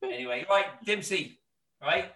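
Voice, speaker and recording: A man's voice: a little high, animated, a little slow, pushed and bright, far from the mic. A man in casual chat, joking and teasing, laughing often. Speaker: guest. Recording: roomy sound, away from the mic.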